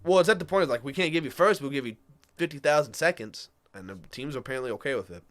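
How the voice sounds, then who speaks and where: A man co-hosting a podcast, walking through the trades in a casual chat with fillers and quick asides. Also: medium pitch, expressive, fairly bright tone, no room sound. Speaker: podcast co-host.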